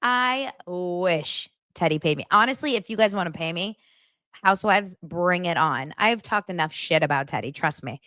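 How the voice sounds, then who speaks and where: A woman's voice: fairly low pitch, moderate pace, dry recording, clean studio sound. A woman hosting a casual gossip show, talking bluntly and swearing freely. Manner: animated, blunt, swears freely, acts out quotes in voices. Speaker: podcast host recapping reality TV.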